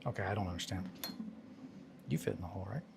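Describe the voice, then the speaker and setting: A man's voice: sits low, quick pace, creaky, noisy background. A man hosting a casual hobby livestream, talking to himself and coaxing tiny parts into place as he builds miniatures. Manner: mutters and coaxes at fiddly parts, self-talking.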